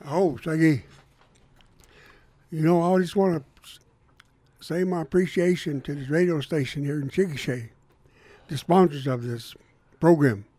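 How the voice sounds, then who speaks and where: Man, earnest prayer, radio studio, mellow tone, dry sound. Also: on the high side, a little slow, pauses often, no room sound. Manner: earnest, heartfelt. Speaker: guest giving opening prayer. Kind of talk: speech and spoken prayer on radio.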